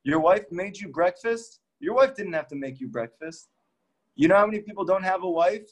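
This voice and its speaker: A man's voice: high voice, expressive, moderate pace. A man, a rabbi, giving an earnest and emphatic Torah teaching talk that drives home each point by repeating it.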